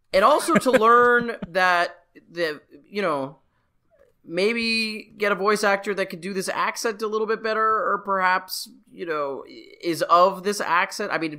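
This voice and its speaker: A man from Canada co-hosting a casual podcast, talking in a passionate, animated way with lots of restarts. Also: a little high. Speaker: podcast co-host. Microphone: headphones with a mic.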